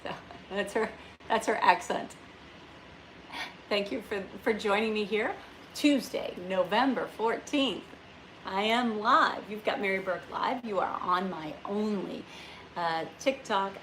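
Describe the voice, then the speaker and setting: A woman from the Northeast US live-streams from indoors on a farm on a rainy day, chatting casually with viewers with frequent fillers and restarts. Her voice is medium-pitched and a bit bright, with slight background noise.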